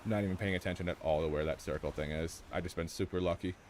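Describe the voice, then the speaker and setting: Male streamer, deeper voice, jokey live gameplay commentary, light background noise. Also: fast. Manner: excitable, jokey, talks to chat and teammates.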